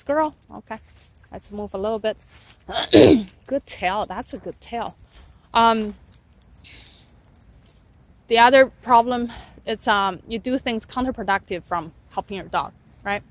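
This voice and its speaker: A woman's voice: fairly high pitch, no echo. A woman dog trainer giving casual advice while walking dogs outdoors, often tagging her points with "right?" and stopping to praise the dogs. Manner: keeps adding "right?" tags, breaks off to praise dogs. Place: outdoors on a walk.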